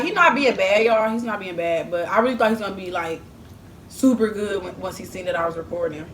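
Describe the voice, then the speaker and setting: A woman's voice: medium pitch, fairly quick. Chatty young woman eating on camera. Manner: chatty, joking, talks to viewers and her baby son. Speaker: mukbang vlogger. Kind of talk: casual talk while eating on camera. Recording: echoey room with background noise.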